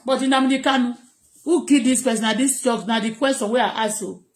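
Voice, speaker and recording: A woman's voice: on the high side, fast talker, roomy sound. A Nigerian woman vlogging from home, ranting emphatically and repeating herself as she switches between Pidgin, English and Yoruba. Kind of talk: ranting monologue to viewers.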